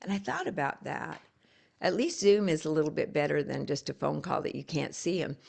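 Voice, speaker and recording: A woman with a low, gravelly voice leads a live coaching call. She talks in a loose, storytelling way and often restarts her sentences. She sounds like she is speaking into a video call. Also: animated, fairly quick, a little mellow. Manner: storytelling, encouraging, conversational with restarts.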